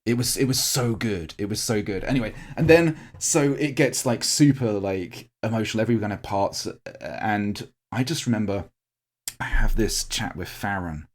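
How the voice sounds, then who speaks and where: A man with a lowish voice speaks at a moderate pace, co-hosting a casual podcast. Tearing up, he recounts a live-action roleplay event in a long, heartfelt, rambling story packed with fillers and restarts.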